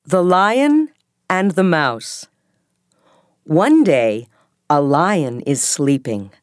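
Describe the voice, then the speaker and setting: A woman reads a simple story for language learners at a very slow pace. Her delivery is clear and deliberate, and her low voice rises and falls a great deal. The sound is close and dry. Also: big pitch swings, dry recording. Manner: clear and deliberate, every phrase set apart. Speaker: reader of a graded story for English learners.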